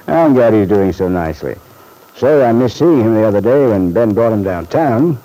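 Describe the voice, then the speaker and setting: A chuckling, fatherly middle-aged banker uncle, played by a man in a vintage radio soap. His voice sits low and mellow, and he talks with easy, reassuring geniality. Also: lively intonation, normal speed, close to an everyday voice, low-quality recording. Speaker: bank executive.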